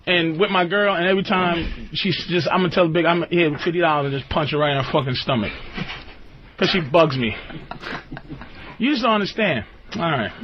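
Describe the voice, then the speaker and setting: Radio host type, man, high lively voice, profane comic ranter, muffled lo-fi broadcast sound. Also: moderate pace, long pauses, a little hiss or hum. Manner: animated, swings into high squeaky outbursts, laughs often.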